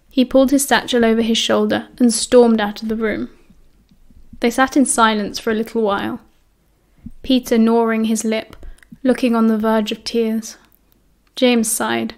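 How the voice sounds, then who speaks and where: A woman with a British accent narrating an audiobook in a steady storytelling way. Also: a little high, moderate pace, long pauses. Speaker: audiobook reader.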